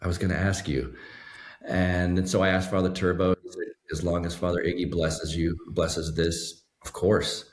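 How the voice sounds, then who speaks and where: A man telling a story as a podcast guest, relaxed and anecdotal, quoting others as he goes. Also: sits low, moderate pace, roomy sound. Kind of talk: casual storytelling.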